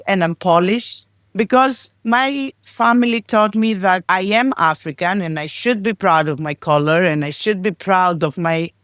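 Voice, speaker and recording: A woman chats as a guest on a podcast, her voice smooth and resonant. She talks in an easy, rambling way, full of "like". The sound is dry and close. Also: medium pitch, dry recording. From Greece. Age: 30s. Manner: chatty, with frequent "like" fillers. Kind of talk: casual interview chat.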